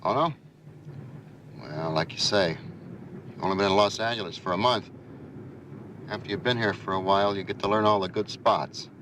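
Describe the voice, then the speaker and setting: An actor playing a sleazy man who tries to buy a young woman's company and turns nervous when she shouts. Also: on the low side, moderate pace, pauses often, a little hiss or hum, close to an everyday voice. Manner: oily, wheedling, then nervous. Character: sleazy middle-aged man cruising for a hookup. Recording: old TV drama with music behind.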